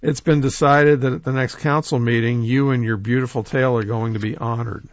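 A man voicing a sly, smooth-talking male rabbit trickster who flatters and coaxes in a folk tale. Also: medium pitch, brisk, dry recording, muffled recording, lightly acted. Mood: flattering. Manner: coaxing, flattering, persuasive.

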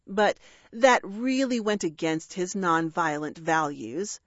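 Slow, wry woman narrating a story. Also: fairly low pitch, lively intonation, fairly bright tone, no room sound, dull audio. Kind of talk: audiobook narration.

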